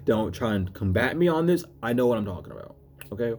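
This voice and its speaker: A man giving a casual spiritual reading to camera, rambling and cursing, swinging between loud urging and low asides. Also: very animated, fast, slight background noise. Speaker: spiritual reader.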